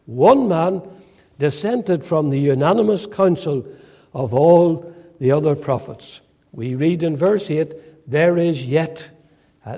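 Husky-voiced man preaching an expository sermon. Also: a little high, warm tone. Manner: measured, with dramatic quoted speech and frequent "uh" fillers. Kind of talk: sermon, expository Bible teaching.

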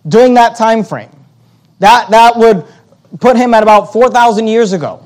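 A male pastor works through scripture in a sermon, his voice sitting unusually high for a man. He presses his points with rhetorical questions and tends to stumble over and repeat words mid-sentence. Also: moderate pace. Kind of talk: expository sermon.

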